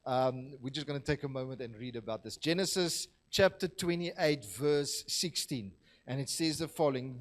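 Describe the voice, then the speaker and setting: A man's voice: mid-range voice, expressive, normal speed. A man preaching a sermon in a church, talking conversationally and joking with the congregation. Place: church hall.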